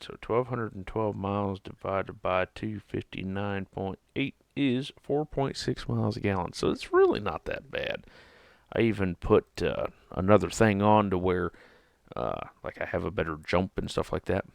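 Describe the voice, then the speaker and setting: A man's voice: low-pitched, moderate pace, creaky, no room sound, studio quality. A man streaming a truck driving game, chatting casually to himself and the traffic in a sleepy, laid-back way. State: sleepy, yawning. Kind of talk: casual gameplay commentary.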